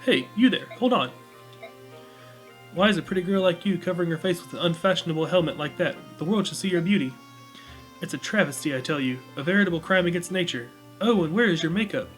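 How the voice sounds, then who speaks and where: A man voicing a vain, fussy city-bred gentleman with a pompous, affected manner, reading a game's dialogue aloud. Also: sits high, animated, quick pace, faint music behind, voice pushed up, low-quality recording. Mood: haughty, meddling.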